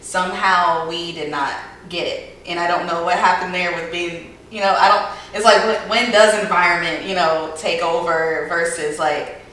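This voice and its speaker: A woman's voice: on the low side, steady tone, moderate pace, hardly any pauses, fairly bright tone. A woman who grew up in the southern United States, talking through her thoughts in a casual podcast chat with many fillers. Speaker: podcast co-host. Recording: very echoey room, mic far off, faint hiss.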